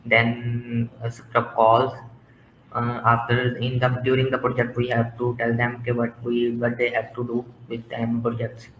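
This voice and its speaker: Hesitant man with a flat voice, echoey room. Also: mid-range voice, lo-fi sound. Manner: hesitant, halting, many fillers. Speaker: interview guest. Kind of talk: casual interview. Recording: echoey room with faint noise.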